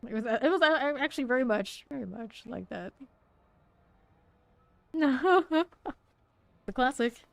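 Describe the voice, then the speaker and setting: A woman's voice: high voice, expressive, measured pace, vocal fry, long pauses, dry recording, rough recording. A woman game streamer chatting casually and playfully while she plays, laughing often and exclaiming. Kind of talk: casual chat while live gaming.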